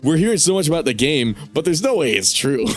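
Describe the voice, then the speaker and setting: A man streaming a game, rambling casually, swearing and laughing often. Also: fairly high pitch. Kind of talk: casual gaming stream commentary.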